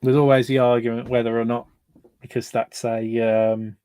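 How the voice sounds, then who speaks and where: A man's voice: mid-range voice, little pitch movement, moderate pace, warm tone, clean tone. Chatty man opening card packs. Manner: chatty, hesitant, lots of fillers and restarts. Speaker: card break host. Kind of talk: casual live card-break commentary.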